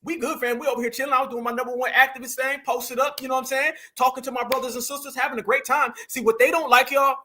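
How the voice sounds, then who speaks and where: A man's voice: extremely high pitch, fast talker, hardly any pauses, sharp tone. A man hosting reaction commentary, preachy and mocking, repeating points and firing rhetorical questions. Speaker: commentary host.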